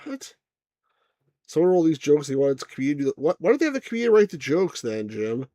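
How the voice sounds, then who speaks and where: A man's voice: on the high side, sing-song, quick pace, warm tone, dry recording, dull audio. Sarcastic man reviewing a retro game. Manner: sarcastic, exasperated remarks. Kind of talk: casual game review commentary.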